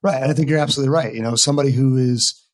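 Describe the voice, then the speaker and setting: A man's voice: medium pitch, steady tone, rapid-fire, no room sound. A middle-aged American man, a guest in a podcast interview, speaking earnestly and emphatically in casual conversation. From United States. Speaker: veteran mental health worker, interview guest.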